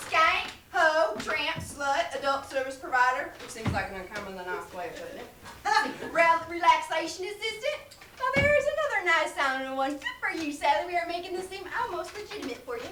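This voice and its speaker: An actress playing a brash diner waitress with a shady side job, giggly and playful on stage. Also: female voice, very high-pitched, sing-song. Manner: giggly, playful, drawn-out comic delivery. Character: brash diner waitress who moonlights as a prostitute. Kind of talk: stage acting in a live play. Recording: echoey stage, distant mic, hiss.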